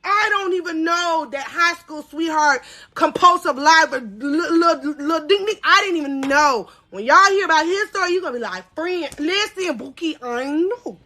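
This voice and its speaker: A woman in her thirties telling a story on a live podcast, animated, swinging from loud cries to low asides. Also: moderate pace.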